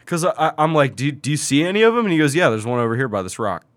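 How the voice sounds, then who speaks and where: A man in casual podcast chat, retelling a video game match in a lively, profane way with lots of fillers. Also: on the high side, racing, dry recording.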